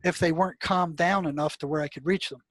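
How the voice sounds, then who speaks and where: An older man speaks as an interview guest, his voice pitched a little high and recorded dry and close. He tells his story with animation, stumbling through restarts and breaking into exclamations at dramatic moments. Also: quick pace, dry recording. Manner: animated, many restarts, exclaims when recounting. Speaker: guest, retired mental health practitioner.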